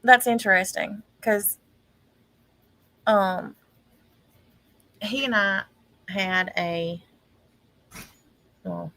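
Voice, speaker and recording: A woman's bright, gravelly voice, full of vocal fry, in an exasperated rant for her livestream. She talks slowly and stops often to say um. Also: mid-range voice, no room sound, rough recording. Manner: exasperated ranting with frequent ums and pauses. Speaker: online commentator. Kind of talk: casual livestream commentary.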